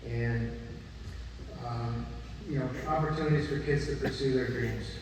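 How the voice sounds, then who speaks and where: A man giving an earnest, measured tribute to the mentor who gave him his career. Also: mid-range voice, steady tone, very echoey, in a large hall, far from the mic, background noise. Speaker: former employee paying tribute. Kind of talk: tribute reflection.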